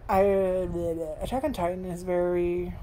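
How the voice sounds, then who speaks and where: A woman's voice: lowish voice, flat delivery, unhurried, dark tone, a little hiss or hum. A young woman rambling through a casual review at home, swearing freely and filling with "like". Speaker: vlogger. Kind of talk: casual first-impressions review.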